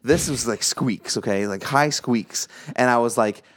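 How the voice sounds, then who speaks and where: A young adult man co-hosting a podcast, chatting casually and telling an animated anecdote, acting out quoted lines. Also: mid-range voice, unhurried. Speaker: podcast co-host. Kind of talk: casual chat, storytelling.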